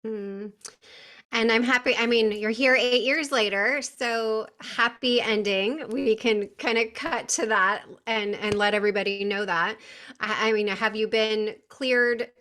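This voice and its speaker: Bright empathetic woman host. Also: fairly high pitch, fairly even intonation. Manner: empathetic, quick follow-up questions. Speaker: podcast host. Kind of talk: interview questions.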